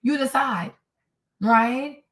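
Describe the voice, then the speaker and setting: A woman's voice: high voice, drawn-out words, a bit bright. A woman hosting a commentary show, reacting to clips with indignant, mocking sarcasm. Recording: echoey room, distant mic.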